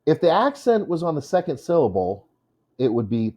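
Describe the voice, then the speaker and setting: A man teaching English in a recorded lesson, his voice mellow and dark and rising and falling a lot. He talks at an unhurried pace and stretches out syllables to show where the stress falls. Now and then he jokes with his students. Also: a little high. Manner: lively, joking, drawn-out stressed syllables. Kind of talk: classroom video lesson.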